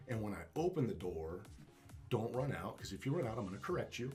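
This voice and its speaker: A man's voice: on the low side, very animated, brisk, a little mellow, faint music behind. A man speaking as a dog trainer being interviewed, talking casually and emphatically, swearing and repeating words as he restarts.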